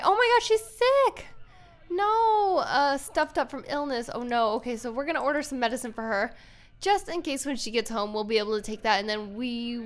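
A young woman talks through her gameplay in a casual, giggly way, thinking out loud as she plays. Her voice sits a little high for a woman. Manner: chatty, giggly, thinking aloud while playing. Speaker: gaming YouTuber. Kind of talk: casual let's-play commentary.

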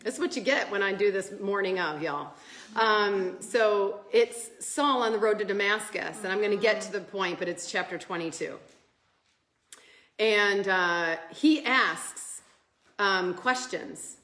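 A woman's voice: mid-range voice, unhurried. A woman giving a casual devotional talk, telling stories with laughs and acting out the quotes. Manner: animated, laughing storyteller who acts out quotes. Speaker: Bible study speaker. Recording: echoey room.

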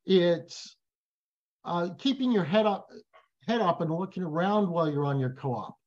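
A man speaking as a guest in a casual interview, telling emphatic, animated stories. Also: high voice, unhurried, lo-fi sound. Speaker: guest, business professor.

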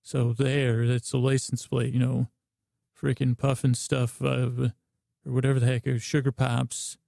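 A man hosting a bedtime podcast, rambling in a meandering, self-interrupting way with deadpan nonsense and a slow drawl. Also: medium pitch, vocal fry, dry recording, studio quality. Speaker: podcast host.

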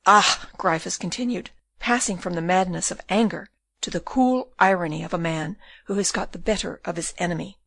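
A woman reading a classic novel aloud as an audiobook narrator, in steady storytelling. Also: on the low side, brisk, vocal fry, husky, no echo. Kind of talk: scripted narration.

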